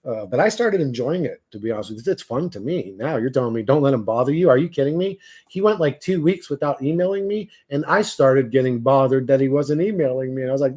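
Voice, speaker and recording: A man's voice: mid-range voice, lively intonation, fast talker, few pauses, darkish tone, husky. A man hosting a live stream, ranting profanely and mockingly to his chat, laughing often. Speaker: livestream host reading chat. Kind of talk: casual rant to a live chat.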